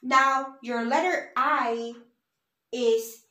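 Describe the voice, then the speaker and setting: A woman's voice: on the high side, slow, fairly bright tone, reverberant. A woman teaching a beginner language lesson, patient and repeating words for the learner to say back.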